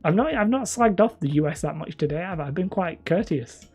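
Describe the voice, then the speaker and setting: A man's voice: sits high, animated, a little fast, darkish tone, breathy edge, soft background music. A man from northern England chatting casually with viewers as a hobby channel host, mumbly and a little whiny, rambling and self-mocking. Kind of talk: casual live-stream chat.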